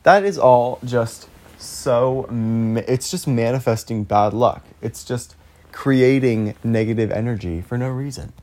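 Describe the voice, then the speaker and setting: In an unhurried, medium-pitched voice with a darkish tone, a young man delivers a casual solo podcast monologue. He rambles, puts himself down, and swears freely while thinking aloud.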